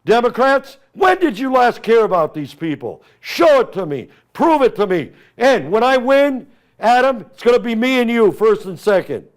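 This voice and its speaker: A man's voice: very high voice, big pitch swings, normal speed. A middle-aged Armenian American man, a congressional candidate hosting a talk show, giving an emphatic, impassioned political monologue and addressing opponents directly.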